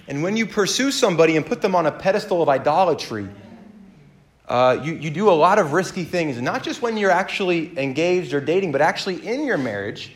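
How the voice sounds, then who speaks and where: Animated man preaching a sermon. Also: a little fast. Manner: animated storyteller, acts out dialogue with big pitch jumps. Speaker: pastor.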